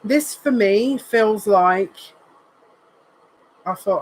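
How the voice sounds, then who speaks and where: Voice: medium pitch, measured pace, long pauses, a little hiss or hum, poor audio. A psychic reader giving a live tarot card reading in an earnest, emotional way, repeating phrases and thinking aloud as they turn the cards. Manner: emotional, says they are near tears.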